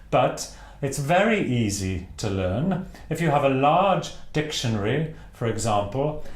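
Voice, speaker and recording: A Welshman gives an instructional talk to camera on operatic singing technique, enunciating precisely and demonstrating vowel sounds aloud. His voice is medium in pitch and sounds reverberant.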